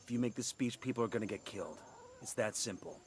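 A man as a blunt, fast-talking soldier. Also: on the low side, a little hiss or hum, natural voice. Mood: firm. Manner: clipped, matter-of-fact. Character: terse special-forces operator, calm, blunt.

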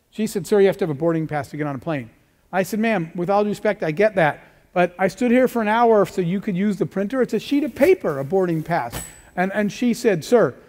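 A middle-aged man on stage telling stories with lively energy, punching up key lines and playing out the dialogue. His voice sits high for a man. The sound carries the long ring of a big hall. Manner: energetic storytelling, acts out dialogue, rising emphasis. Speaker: keynote speaker. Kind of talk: motivational talk with stories.

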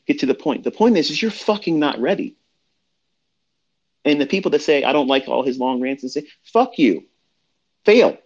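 A man's voice: mid-range voice, darkish tone, dull audio. A man giving a blunt, profane motivational rant as a trading mentor, lecturing his listeners, his voice jumping up when he gets worked up. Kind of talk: profane motivational rant on a live audio chat.

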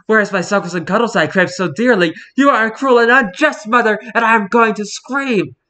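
Man doing a whiny talking cat: high, shrill, over-the-top, old-fashioned speech. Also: moderate pace, sharp tone. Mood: wailing, melodramatic. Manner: shrill theatrical whining, old-fashioned phrasing. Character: melodramatic talking pet cat, wailing and aggrieved.

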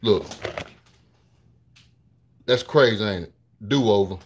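A man hosting a live cooking stream in his home kitchen, talking straight to viewers in a hurried, repetitive way. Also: fairly low pitch. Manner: hurried, talks straight to viewers, repeats himself. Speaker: cooking show host. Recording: sizzling pan noise behind.

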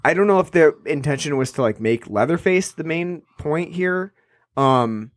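A man's voice: on the high side, lively intonation, moderate pace, no room sound. A man co-hosting a podcast, chatting casually about a film, rambling with many restarts and fillers. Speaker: podcast co-host. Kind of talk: casual film review chat.

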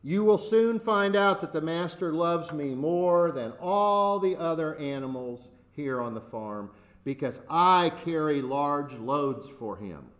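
A man's voice: a little high, expressive, slow pace, a bit bright. A man voicing a proud male farm horse in a storybook fable, speaking dismissively. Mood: boastful.

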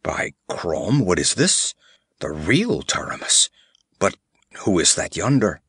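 A man voicing a gruff, battle-hardened barbarian warrior chief who speaks bluntly, in a dry storybook reading. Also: deep voice, big pitch swings, slow, fairly bright tone, no echo, pitched below the performer's own voice, exaggerated voice. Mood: astonished. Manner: blunt, rough, commanding.

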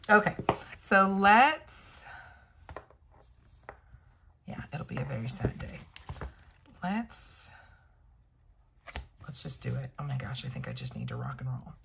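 Woman vlogger, unhurried and gravelly, talks viewers through her crafting as she thinks aloud. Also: a bass voice, huge pitch swings, background noise. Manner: chatty, thinks aloud, addresses viewers directly. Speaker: planner and sticker vlogger. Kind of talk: casual crafting tutorial.

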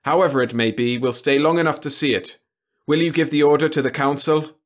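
A stern, impatient commander who speaks loudly and sharply, as a man acts him out. His voice is raised well above the narrator's own low pitch. It sounds like a figure from a storybook reading. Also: fairly even intonation, a little fast, close to an everyday voice. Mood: stern, insistent.

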